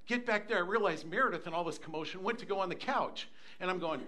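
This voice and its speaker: An older man delivers a sermon in a high, bright voice. His pitch swoops widely as he tells a story and mimics the voices of the people in it. His delivery is animated and expressive. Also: a little fast. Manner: animated, acts out voices in anecdotes. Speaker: pastor.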